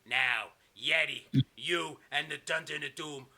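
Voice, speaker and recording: A man voicing a cold, menacing male villain leader who drawls out slow, sneering threats. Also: fairly high pitch, sharp tone, full character voice.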